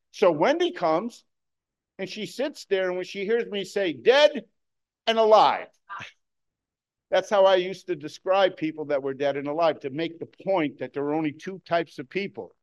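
A man preaching a sermon to his congregation, moving between loud excited bursts and hushed, slow emphasis. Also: sits high. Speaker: pastor.

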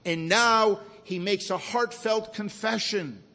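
A high-voiced man delivers a sermon, lingering on key words and dropping his voice low and quiet to stress them. His voice rings with the long reverb of a large hall. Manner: slow, emphatic preaching with dramatic drops to a hush. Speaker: preacher.

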